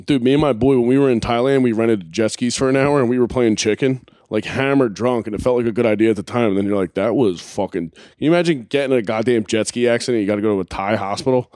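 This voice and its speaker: A man's voice: mid-range voice, quick pace, hardly any pauses, darkish tone, no echo, studio quality. A man hosting a podcast in casual, profane, rambling chat, blunt and crude. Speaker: podcast host.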